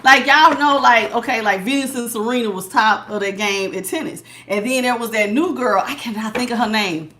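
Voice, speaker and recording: A middle-aged woman giving a casual tarot reading to her viewers, animated and laughing, calling them honey and baby. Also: on the high side, normal speed, hardly any pauses, background noise. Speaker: tarot reader.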